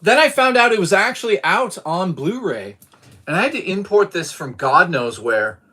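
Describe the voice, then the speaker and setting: A man's voice: high-pitched, lively intonation, normal speed, sharp tone, breathy edge. Chatty streamer man from Boston. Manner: chatty, swears casually, reads out chat messages. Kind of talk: casual live-stream chat.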